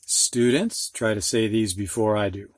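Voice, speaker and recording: Older male phonics teacher, unhurried and patient, recorded dry and close. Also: lowish voice, fairly even intonation, dry recording. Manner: slow, patient, explaining with everyday examples. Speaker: reading teacher. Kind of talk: phonics lesson for students and teachers.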